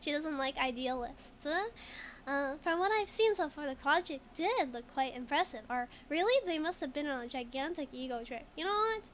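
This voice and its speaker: Giggly, high-voiced woman streamer. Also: lively intonation, normal speed, a little hiss or hum. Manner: giggly, joking, laughs often, reads chat. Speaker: game streamer. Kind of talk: casual let's-play commentary.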